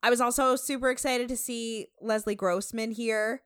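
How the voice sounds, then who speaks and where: An American woman with a fairly high voice co-hosts a podcast, chatting through a show recap in a loose, animated way. She talks with plenty of fillers and quick asides. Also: clean tone. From United States. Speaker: podcast co-host. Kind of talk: casual recap chat.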